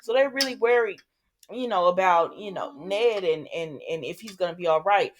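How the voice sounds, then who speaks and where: A woman's voice: fairly low pitch, normal speed. Sassy, chatty woman recapping a soap. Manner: chatty, sassy asides to characters. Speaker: soap opera recap host. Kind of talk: casual recap chat.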